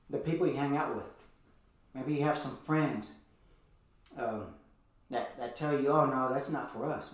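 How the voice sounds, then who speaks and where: A man giving an earnest motivational teaching talk, asking repeated rhetorical questions. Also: medium pitch. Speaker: motivational speaker. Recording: very echoey room, voice from a distance.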